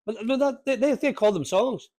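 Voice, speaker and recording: A man's voice: extremely high pitch, a little fast, a little mellow. A man with a Northern Irish accent from Lurgan, talking about a recording in a hesitant, restarting way. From Northern Ireland. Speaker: speaker at a talk. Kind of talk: casual talk discussing a recording.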